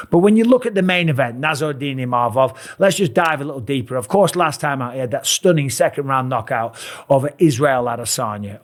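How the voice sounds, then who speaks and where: A middle-aged man talking through a fight card like a seasoned commentator, blunt and lively with the odd curse. His voice sits a touch higher than most men's. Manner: animated, blunt, with occasional swearing. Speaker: MMA commentator and show host. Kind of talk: casual fight preview talk.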